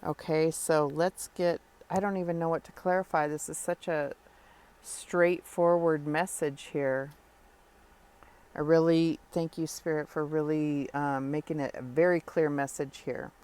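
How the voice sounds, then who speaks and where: A woman giving a spoken tarot reading, talking earnestly and reassuringly straight to the listener, with pauses and fillers as she thinks. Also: sits low, fairly even intonation, a little mellow, clear, resonant tone. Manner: thoughtful with frequent pauses and fillers. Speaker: tarot reader.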